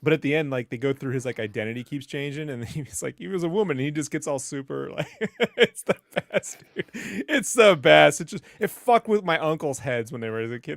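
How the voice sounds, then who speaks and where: Man, higher voice, lively swinging pitch, profane, dry sound. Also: a little fast, creaky, dry recording. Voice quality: profane, excitable storyteller. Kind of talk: animated casual banter.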